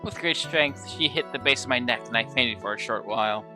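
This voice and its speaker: A man's voice: mid-range voice, close to an everyday voice. A man doing a formal German-accented witness. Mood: solemn. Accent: put-on German. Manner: formal, measured testimony. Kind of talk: fan voice-over of a game. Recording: music playing behind voice. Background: game music.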